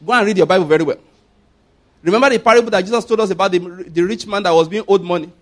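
A man preaching a sermon as pastor, emphatic, often asking the congregation if they follow and swinging between loud and hushed delivery. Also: high voice, very fast.

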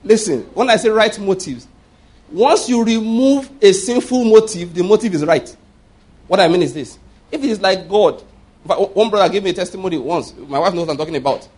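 A man's voice: sits high, lively intonation, fairly quick, a little mellow, slightly rough. A Nigerian man in his fifties preaching a sermon, emphatic and often asking the congregation whether they follow his point. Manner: emphatic, keeps checking the congregation understands. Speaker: pastor.

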